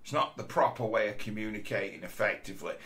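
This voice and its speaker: A man's voice: lowish voice, quick pace, pushed and bright. A middle-aged man, talking bluntly in a sweary casual monologue. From Rochdale, England. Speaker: commentator.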